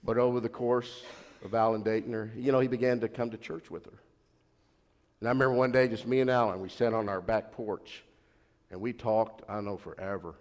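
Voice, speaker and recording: Rambling middle-aged pastor telling family stories. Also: male voice, on the low side, fairly even intonation, a little fast. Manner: rambling storyteller who repeats and restarts, laughing at his own stories. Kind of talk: anecdotal sermon. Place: church sanctuary. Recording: long church reverb.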